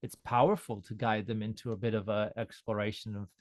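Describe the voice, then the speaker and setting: A man's voice: on the low side, fairly quick, no room sound. Sound healer man, casual interview, loose rambling delivery, dry close sound. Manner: relaxed, rambling with frequent restarts.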